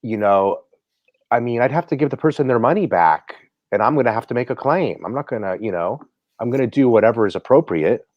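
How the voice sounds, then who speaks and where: A man's voice: medium pitch, animated, fairly quick, dry recording, dull audio. A man co-hosting a casual watch live stream, blunt and given to swearing and repeated words.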